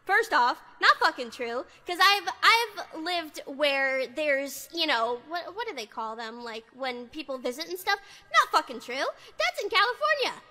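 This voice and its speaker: A woman's voice: high-pitched, pushed and bright. Woman, streamer, casual chat, profane heated rant, faint music behind. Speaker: VTuber streamer.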